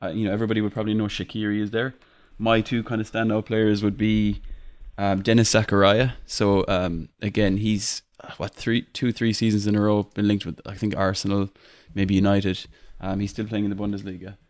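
Young Irish male podcast host, low-pitched, chatty and rambling, dry close recording. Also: level tone, fairly quick, few pauses, a little mellow, no echo. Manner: chatty, laughs often, many fillers and restarts. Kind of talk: casual football podcast chat.

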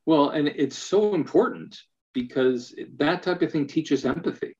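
A man's voice: on the high side, animated, measured pace, a little mellow. A man in casual conversation, thoughtful and explanatory, often repeating words as he works through an idea. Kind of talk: casual chat. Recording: dull lo-fi sound.

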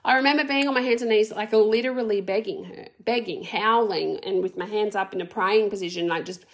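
A woman's voice: medium pitch, fairly quick. A woman in her thirties speaking in a raw, emotional personal vlog, swearing heavily and rambling through restarts. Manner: rambling, restarts, many fillers. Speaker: vlogger.

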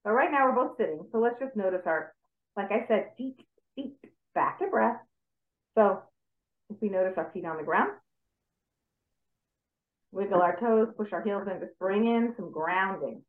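A woman stress coach calmly guiding listeners through a breathing exercise step by step on a video call. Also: mid-range voice, normal speed, long pauses. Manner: calm, step-by-step instructive. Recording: tinny call audio in an echoey room.

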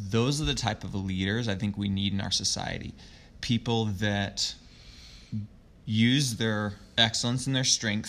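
Low gravelly-voiced man, reflective coach. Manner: reflective, earnest storytelling with soft trailing phrases. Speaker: youth sports coach. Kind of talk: conversational interview.

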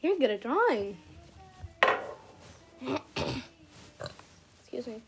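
A young woman casually chatting to herself while playing a game and watching videos, excitable and slangy, swinging between loud outbursts and quiet mutters. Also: high voice, drawn-out words, slightly rough, soft background music, low-quality recording. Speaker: vlogger. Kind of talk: casual gaming commentary.

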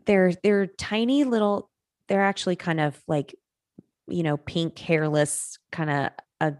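A woman's voice: lowish voice, steady tone, measured pace, a little mellow, no room sound, clean studio sound. A middle-aged woman, a nutrition coach, co-hosting a podcast and telling a story in a chatty way with many fillers. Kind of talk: casual chat.

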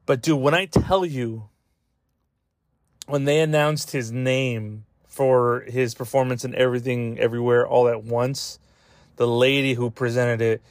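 A man chatting loosely on a podcast, swearing and rambling through fillers while he chokes up near tears. His voice sits at an everyday middle pitch. The sound is dry and close, with no room echo. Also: steady tone, a little slow. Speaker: podcast host. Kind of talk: casual podcast chat.

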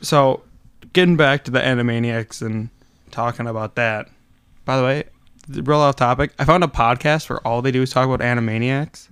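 A man co-hosting a podcast in casual chat, rambling and animated, often trailing off. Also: mid-range voice, a little fast, smooth. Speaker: podcast co-host.

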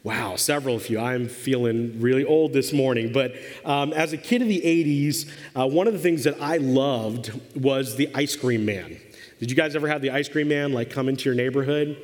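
A man's voice: medium pitch, moderate pace, a little mellow, in a large hall. A man in his forties preaching a sermon in a church, joking and asking the congregation questions in a conversational way. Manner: humorous, conversational, asks the audience questions. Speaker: pastor.

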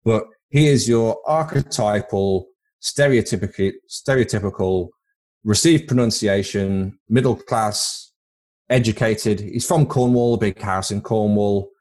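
A man's voice: lowish voice, measured pace, a little mellow. A man from Britain co-hosting a podcast in casual chat, rambling into crude comic tangents. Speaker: podcast co-host.

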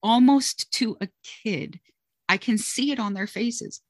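A woman's voice: medium pitch, a little slow, dry recording, clean studio sound. A woman who teaches music, chatting as an interview guest and telling stories expressively, often saying "you know" and "like". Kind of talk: conversational interview talk.

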